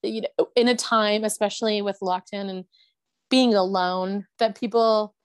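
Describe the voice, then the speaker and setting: A woman's voice: medium pitch, fairly even intonation, moderate pace, clean tone, no room sound. A woman co-hosting a casual chat podcast, gushing and giggly. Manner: gushing, giggly, says "oh my God" a lot. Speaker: podcast co-host.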